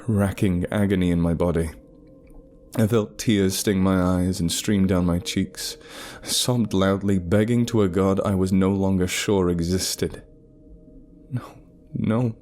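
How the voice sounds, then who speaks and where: Give me a man with a deep, dark voice narrating a horror story gravely.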